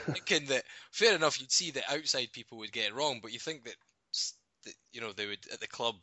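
Scottish man, podcast co-host, football chat, laughs often, very bright voice, dull lo-fi sound. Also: mid-range voice, fairly quick, no echo. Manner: laughs often, rambling restarts. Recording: dull lo-fi audio.

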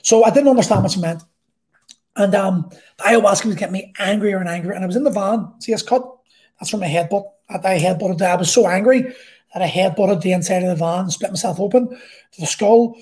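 A man's voice: high voice, fairly quick, a little mellow. Sweary middle-aged Belfast man. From Northern Ireland. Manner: blunt, sweary, rambling. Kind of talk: personal storytelling.

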